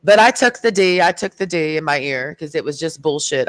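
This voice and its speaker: A woman's voice: low-pitched, expressive, fairly quick, fairly bright tone, no room sound. A woman ranting in a heated, sarcastic and profane way in a casual vlog. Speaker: vlogger. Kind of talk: casual rant.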